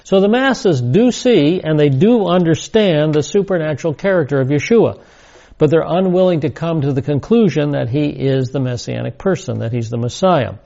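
Male Bible teacher, mellow and gravelly, deliberate and emphatic lecture delivery, muffled lo-fi recording. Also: fairly high pitch, expressive. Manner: deliberate, emphatic, repeats key words.

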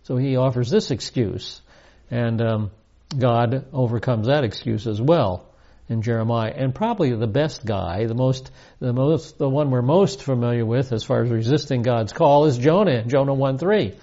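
A man's voice: medium pitch, moderate pace, dark tone, dull audio. A man giving a verse-by-verse Bible teaching, emphatic and repeating key points with rising stress.

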